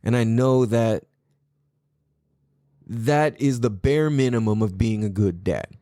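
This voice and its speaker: With a fairly low pitch and slow pace, a middle-aged man hosts a podcast in clean, echo-free studio sound. He tells stories casually and profanely, animatedly acting out his own words.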